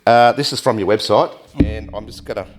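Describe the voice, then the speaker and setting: A man's voice: on the low side, brisk, faint music behind. Chatty man hosting a podcast. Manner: chatty, self-deprecating, with slang. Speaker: podcast host. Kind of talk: casual interview chat.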